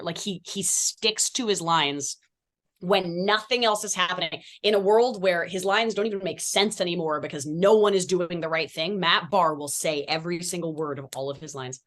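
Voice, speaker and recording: Bright-voiced actress telling animated stories. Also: female voice, fairly low pitch, normal speed. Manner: animated storytelling, swears, laughs. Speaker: actress, interview guest. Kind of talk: casual chat.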